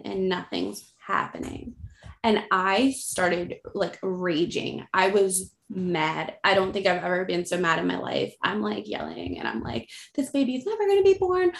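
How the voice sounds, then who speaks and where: A woman in her thirties casually telling her birth story as a podcast guest, animated and acting out the voices of others. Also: medium pitch, creaky. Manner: animated, acts out quoted voices, frequent likes. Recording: roomy echo.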